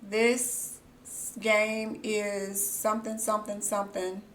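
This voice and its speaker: A young woman live-streaming, chatting casually and reacting excitedly, gasping and squealing, then muttering quietly to herself. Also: medium pitch, takes it slowly, a little hiss or hum.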